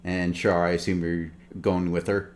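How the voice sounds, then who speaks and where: A man's voice: low voice, normal speed, a little hiss or hum. Laid-back man running a tabletop game. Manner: relaxed, filler-heavy narration. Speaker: game master.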